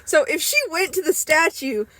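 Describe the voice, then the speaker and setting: A woman co-hosting a comedy podcast, reacting to a book reading with incredulous questions and frequent swearing. Her voice is high and swoops widely as she talks. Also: lively intonation, normal speed, fairly bright tone, no echo, rough recording. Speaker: podcast co-host. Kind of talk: casual comedic chat.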